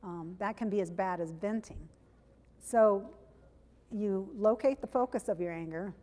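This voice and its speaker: In a church sanctuary full of long reverb, a woman preaches conversationally in a mid-range, mellow voice. Her delivery is plainspoken, and she frequently stops to correct herself partway through sentences.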